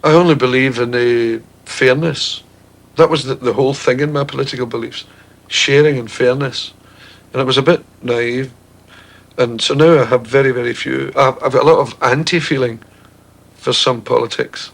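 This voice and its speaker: Husky, gravelly Glaswegian man interviewed. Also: mid-range voice, steady tone, moderate pace, a bit bright. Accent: Glaswegian Scottish. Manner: thoughtful, hesitant, wry. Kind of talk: reflective interview talk.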